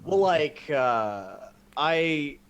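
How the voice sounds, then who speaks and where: A man's voice: on the high side, very animated, extremely slow, a bit bright, clean tone. A man from the American South co-hosting a podcast in casual chat, rambling, laughing and swearing. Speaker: podcast co-host.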